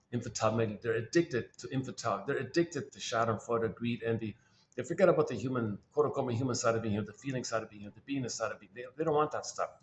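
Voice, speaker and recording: A man's voice: mid-range voice, slight background noise. A man giving a rambling spoken talk on psychoanalytic ideas, repeating himself, restarting phrases and correcting himself as he thinks aloud.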